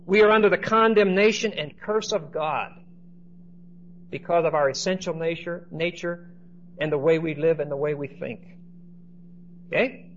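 Man, high voice, Bible lecture, keeps asking "okay?", muffled lo-fi recording. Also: moderate pace, pauses often. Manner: repeats "okay?" to check on listeners. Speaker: Bible teacher. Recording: dull lo-fi recording with faint noise.

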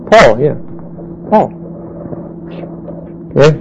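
A man teaching a Bible class verse by verse, halting with fillers and restarts and putting questions to his listeners. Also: mid-range voice, slight background noise, poor audio.

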